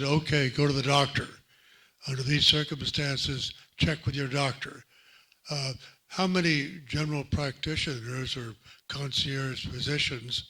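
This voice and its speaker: A man in the audience asking a question, deliberate and pausing. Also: mid-range voice, bright, forceful tone, husky, low-quality recording. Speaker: audience member.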